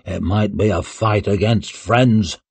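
A man voicing an eager, flattering male nobleman caught up in a plot. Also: on the low side, takes it slowly, gravelly, breathy edge, dry recording, full character voice.

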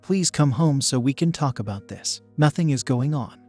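A man voicing a middle-aged wife who denies an affair and then pleads, in a quiet, low delivery close to his own voice. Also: lively intonation, moderate pace, soft background music, lightly acted. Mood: denying.

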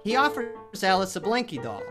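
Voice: mid-range voice, very animated, moderate pace, over music. A narrator telling a horror audio drama in a vivid storytelling style. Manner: vivid, storytelling delivery with sound-effect shouts.

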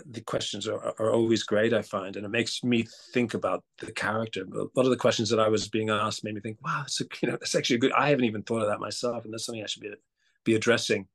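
A man's voice: on the low side, fast, vocal fry, husky. A male actor being interviewed, talking animatedly with stammering restarts, his accent a mix with an Australian tinge. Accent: mixed, partly Australian. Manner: animated, stammering restarts, laughs and mimics voices. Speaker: actor and guest. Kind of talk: casual interview chat.

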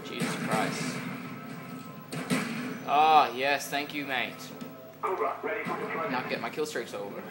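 A man's voice: mid-range voice, slow pace, pauses often, loud music behind the voice, low-quality recording. A man giving casual, joking commentary on his own gameplay, rambling and bantering with viewers. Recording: loud game noise behind.

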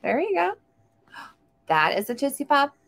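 A woman's voice: high voice, very animated, normal speed, vocal fry, a bit bright. A woman reading a picture book aloud to a young child, coaxing him with questions and breaking into gasps and exclamations. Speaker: storytime host.

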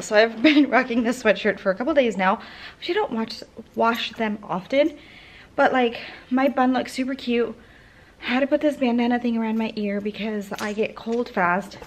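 Chatty woman vlogging at home. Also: a little hiss or hum. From California. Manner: chatty, talks to viewers and to the dog in a high sing-song baby voice. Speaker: family vlogger. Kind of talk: casual vlog chat to camera. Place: family home indoors.

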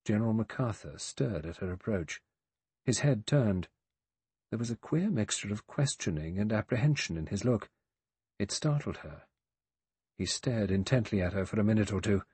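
A man over sixty narrating a mystery audiobook in a measured, even way. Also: on the low side, husky, no echo. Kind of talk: scripted narration.

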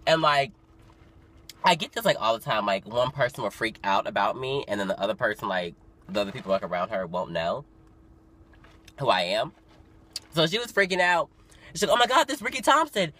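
A man's voice: on the low side, normal speed, long pauses. Chatty, dramatic nineteen-year-old guy. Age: young adult. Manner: chatty and dramatic, lots of fillers, swings into loud excited storytelling. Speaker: vlogger. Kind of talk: casual vlog talk to camera. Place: parked car. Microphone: phone camera.

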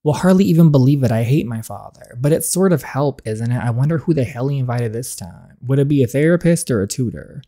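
A woman reading an interactive story game aloud and reacting to it, voicing every character in her own voice and jumping up high and loud when she reacts. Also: lively intonation, a little fast, hardly any pauses.

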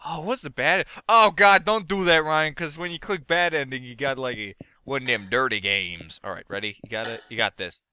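A man's voice: mid-range voice, fairly quick, hardly any pauses, clear, resonant tone, no room sound. A man giving let's play commentary, talking to himself and the characters on screen, and yelping and cursing when things go wrong. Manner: excitable, yelping and cursing at the game. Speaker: gaming video host.

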